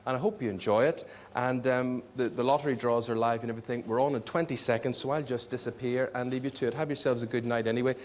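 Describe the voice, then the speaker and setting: A man's voice: medium pitch, steady tone, quick pace, few pauses. A man with a Northern Irish accent, a game show host chatting casually to a studio audience in a dry, teasing way. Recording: studio with crowd and noise.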